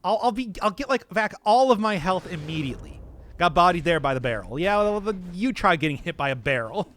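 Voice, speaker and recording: A man's voice: high-pitched, lively intonation, fairly quick, a bit bright. A young man streaming a video game live, giving rambling, chatty commentary and laughing often.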